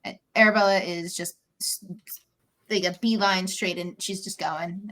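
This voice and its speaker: Bright, chatty woman player. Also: mid-range voice, a little slow. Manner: animated, giggly, chatty. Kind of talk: casual chat during a tabletop game.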